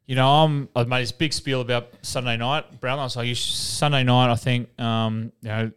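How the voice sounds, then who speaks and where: A man's voice: mid-range voice, steady tone, moderate pace, fairly bright tone, smooth. Australian man, casual storyteller, salty and jokey, clean resonant tone. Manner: swears freely, laughs while telling stories.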